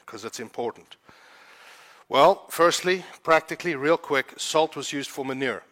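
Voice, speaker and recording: A man's voice: medium pitch, measured pace, fairly bright tone. A man from Africa, preaching a sermon in a fervent, conversational storytelling way. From South Africa. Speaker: pastor.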